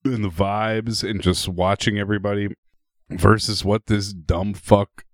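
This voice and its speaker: A man in casual movie-podcast chat, animated and profane, doing mock quotes of the characters. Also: fairly low pitch, measured pace, dry recording, studio quality. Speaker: podcast co-host.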